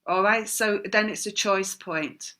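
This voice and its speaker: Bright-voiced woman giving a rambling tarot reading. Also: medium pitch, a little slow. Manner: rambling, repeats words in long chains; apologetic, laughs at herself. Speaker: tarot reader. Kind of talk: spiritual tarot reading monologue.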